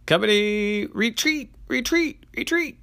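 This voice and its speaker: A storyteller voicing a bossy grape sergeant who shouts drill commands in a storybook tale. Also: medium pitch, lively intonation, slow pace, creaky, pitched above the performer's own voice, exaggerated voice. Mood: commanding.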